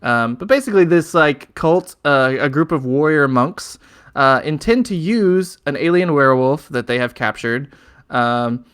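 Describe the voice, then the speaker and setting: A man's voice: fairly high pitch, expressive, a little slow, fairly bright tone, smooth. Man rambling through a podcast recap. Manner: rambling, filler-heavy, chuckling recaps. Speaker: podcast co-host. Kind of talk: casual podcast chat.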